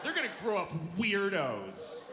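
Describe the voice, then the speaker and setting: A male stand-up comedian ranting with profane exasperation and acting out quick voices on stage. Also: high voice, huge pitch swings. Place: large venue with live audience. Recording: live stage recording with reverb and audience noise.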